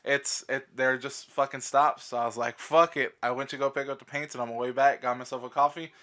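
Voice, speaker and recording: A man with a mid-pitched, bright voice rambles through a story in casual podcast chat. He is laid-back and swears often. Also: level tone, fairly quick. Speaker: podcast co-host.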